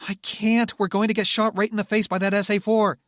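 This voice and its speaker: A man voicing a shrill, panicked woman pilot. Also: flat delivery, brisk, fairly bright tone, dry recording, clean studio sound. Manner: shrill, protesting. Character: tense female bomber pilot, afraid and angry.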